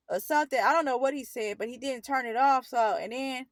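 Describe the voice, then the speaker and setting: In a high, fairly quick voice captured in a dry recording, a storytelling vlogger casually recounts something painful from her life. She wanders and corrects herself along the way, sincere throughout.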